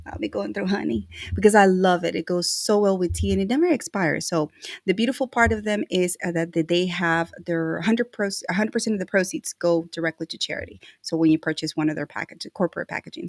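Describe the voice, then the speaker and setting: A woman's voice: lowish voice, vocal fry, no echo, studio quality. Effusive woman co-hosting a live stream. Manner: effusive, emotional, slangy. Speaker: podcast co-host. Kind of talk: casual live-stream chat.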